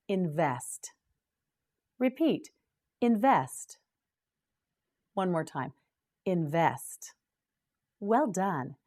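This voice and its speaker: Slow, clear woman teaching vocabulary. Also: fairly low pitch, warm tone. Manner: slow, clear drilling of words. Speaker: English teacher and host. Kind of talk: scripted vocabulary lesson.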